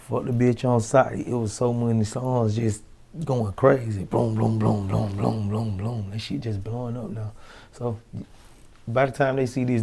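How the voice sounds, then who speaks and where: Low, mellow-voiced rapper telling stories. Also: male voice. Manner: loose slangy street talk, acts out quotes. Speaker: rapper interviewee. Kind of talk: casual interview storytelling.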